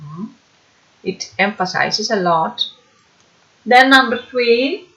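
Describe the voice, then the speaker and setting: A woman teaching an English lesson, slow and patient, often checking understanding with a questioning "hmm?". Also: on the high side, expressive, fairly bright tone. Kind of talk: online class lesson. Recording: dull lo-fi recording.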